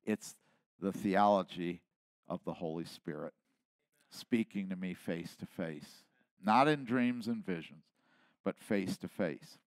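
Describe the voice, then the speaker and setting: A man in his seventies delivers a sermon in a slow, deliberate rhythm. His voice sits low and moves between soft, close asides and loud, emphatic peaks. The sound is dry and close to the mic. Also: dry recording. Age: 70s. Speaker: pastor.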